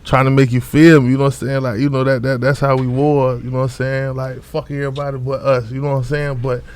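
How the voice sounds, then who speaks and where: A man's voice: medium pitch, flat delivery, fast, darkish tone. A young man from Orlando, a rapper guest, talking loosely in street slang with many fillers and repeated words. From Orlando, Florida. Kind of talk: casual interview talk.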